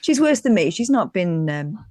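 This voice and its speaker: A woman's voice: lowish voice, sing-song, normal speed, a little mellow, no room sound. A woman co-hosting a casual stream, teasing and playful in her banter. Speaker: stream co-host.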